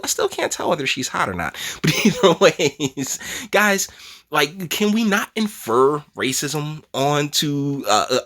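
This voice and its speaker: Animated male commentary vlogger. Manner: animated, pitch jumps high when worked up, drops low and quiet when serious; rambling, restarts and trailing asides, laughs between phrases. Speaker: commentary channel host. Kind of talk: casual opinion commentary.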